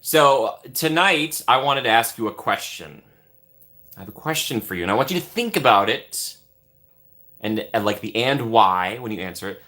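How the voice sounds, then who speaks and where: Male streamer, casual chat host. Bright tone, very animated pitch, playful and upbeat with viewers. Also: normal speed. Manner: upbeat and playful, greeting chatters by name with big swings in pitch. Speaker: livestream host.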